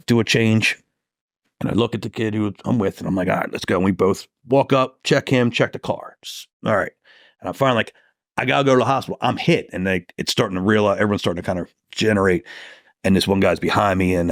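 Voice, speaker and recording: Gravelly, profane police detective telling war stories. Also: male voice, lowish voice, no room sound, studio quality. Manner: profane, animated, acts out quoted lines. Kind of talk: casual storytelling interview.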